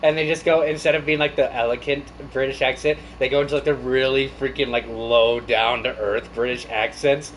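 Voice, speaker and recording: A man chatting casually while playing a game, laughing a lot and rambling excitedly. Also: medium pitch, moderate pace, few pauses, a little hiss or hum, poor audio. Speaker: game show host. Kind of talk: casual gameplay banter. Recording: game music playing behind.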